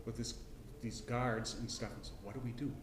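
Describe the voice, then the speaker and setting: A middle-aged man teaching a casual Bible class, folksy and rambling, with frequent restarts and throat clearing. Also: mid-range voice, steady tone, a little fast, roomy sound, background noise. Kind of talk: casual Bible lesson with personal story. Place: church classroom.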